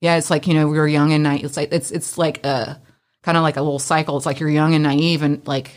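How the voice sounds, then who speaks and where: Brief: young woman co-host, deep voice, rambling candid talk. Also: level tone, fast. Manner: candid, rambling, heavy on fillers. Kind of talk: casual chat.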